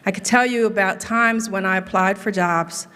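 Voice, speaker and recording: A woman's voice: mid-range voice, moderate pace, a bit bright, slight background noise. A middle-aged woman giving a humorous tribute speech, telling stories with dry running jokes in a large event hall. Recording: reverberant hall.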